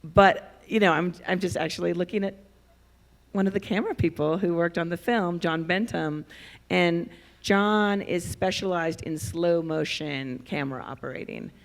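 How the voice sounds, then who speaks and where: Animated, gravelly woman filmmaker on a panel. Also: on the low side, moderate pace. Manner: animated storyteller, laughs while talking. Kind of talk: panel discussion. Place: festival panel stage.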